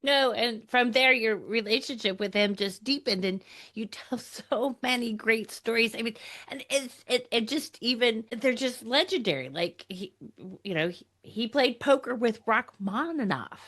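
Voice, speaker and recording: A woman's voice: fairly high pitch, expressive, measured pace. A woman hosting a podcast interview, prompting her guest with encouragement and easy laughter. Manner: warmly encouraging, laughs along. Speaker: podcast host. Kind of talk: casual interview chat.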